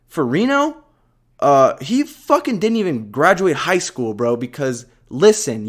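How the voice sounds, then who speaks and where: A man hosting a casual podcast, ranting in a profane, animated way and laughing often. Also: fairly high pitch. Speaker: podcast host. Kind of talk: casual solo rant.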